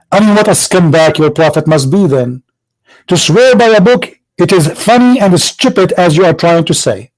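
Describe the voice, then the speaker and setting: A man's voice: sits high, animated, normal speed, darkish tone, poor audio. A man hosting a religious debate show, mocking and confrontational, firing rhetorical questions in broken English. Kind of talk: combative religious debate monologue.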